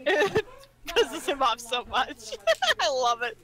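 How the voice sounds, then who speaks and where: High, bright giggly woman, teasing streamer host. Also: big pitch swings, slow. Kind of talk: casual let's-play chat.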